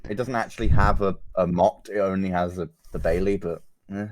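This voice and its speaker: A man's voice: low voice, fairly even intonation, a little fast, crowd noise. A man playing an online tabletop game, explaining and correcting details in casual chat. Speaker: player.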